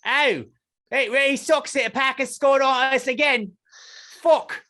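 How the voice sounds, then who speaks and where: A man's voice: very high voice, a little slow, pushed and bright, voice pushed up, heavily acted. A man putting on an exaggerated British accent as a crude, rowdy bloke. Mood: grumbling. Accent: put-on British. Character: loud mock-British bloke, boorish and crude.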